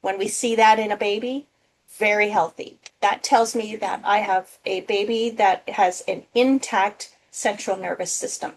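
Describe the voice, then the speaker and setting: A woman teaching as a nursing instructor in a casual recorded lecture, often checking in with "okay?". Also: medium pitch.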